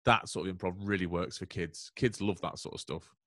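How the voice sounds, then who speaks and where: A man chatting as a guest comedian on a casual podcast, quick and chatty, often breaking into laughter. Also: sits low, steady tone, fairly bright tone, dry recording, clean studio sound. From England.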